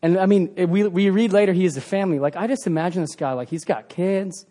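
A man preaching a sermon, telling the story with animated sound effects and swinging between loud bursts and hushed passages. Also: high voice, fast talker.

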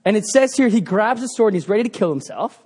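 A man preaching a sermon, telling the story with animated sound effects and swinging between loud bursts and hushed passages. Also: high-pitched, fast talker, slightly rough.

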